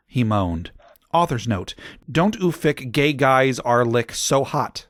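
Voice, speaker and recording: A man narrating a comedic audiobook in a deadpan manner, with dry asides. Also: mid-range voice, slow pace, no room sound.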